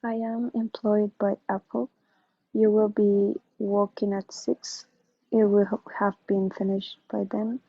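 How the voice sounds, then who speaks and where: Flat, careful female student reader. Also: mid-range voice, measured pace, dry recording. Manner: careful, even reading. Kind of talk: reading example sentences aloud. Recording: dull, dry lo-fi audio.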